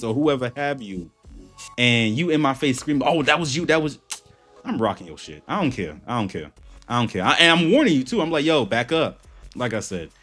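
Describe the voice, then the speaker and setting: A man hosting a reaction channel, giving blunt, heated commentary and repeating his points for emphasis. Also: mid-range voice.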